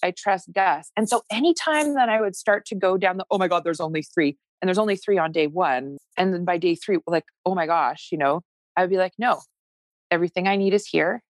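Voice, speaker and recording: A woman's voice: fairly low pitch, a little fast, dry recording. A woman in her forties telling a personal story in a conversation, acting out her own past thoughts and the words of others. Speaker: guest sharing her fertility story.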